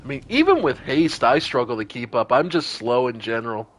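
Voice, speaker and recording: A man's voice: mid-range voice, sing-song, a little fast. A man streaming a role-playing game, thinking aloud with casual commentary and some swearing.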